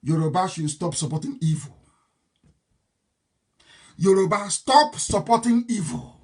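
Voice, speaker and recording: A man's voice: high voice, expressive, a little slow, a little mellow. A man giving a live online broadcast as a political speaker, combative, defiant and emphatic.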